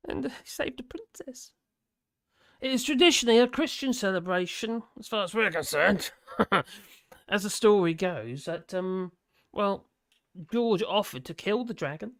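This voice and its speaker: A man hosting a live stream, chatting casually with a rambling, chuckling, sarcastic manner. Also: sits high.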